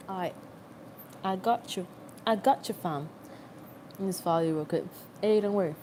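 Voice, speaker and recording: A woman's voice: mid-range voice, normal speed, pauses often, warm tone, a little hiss or hum. A young adult woman rambling in a casual, self-mocking livestream chat, recorded on a phone.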